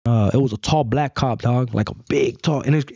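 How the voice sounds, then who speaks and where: A man's voice: brisk, dry recording. A young man, a podcast guest, telling stories from his life in a casual, slangy way, calling people "bro" and "dog" and acting out what others said. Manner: acts out quoted lines in a higher, louder voice. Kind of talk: casual storytelling. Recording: dry, slightly dull audio.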